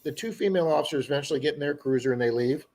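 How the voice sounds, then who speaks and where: Man telling a story, casual and animated. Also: on the high side, very fast. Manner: animated storyteller who acts out quoted people. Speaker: livestream co-host.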